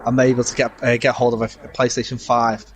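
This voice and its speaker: A man's voice: medium pitch, completely flat delivery, fast talker. A man co-commentating a sim race stream in casual chat, easygoing and hesitant with frequent fillers, on a headset.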